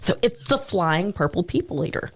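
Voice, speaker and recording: A woman's voice: lowish voice, lively intonation, normal speed, very noisy. A woman co-hosting a paranormal podcast, reading out odd stories in a wry, laughing way. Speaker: podcast co-host. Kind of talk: casual chat reading out stories.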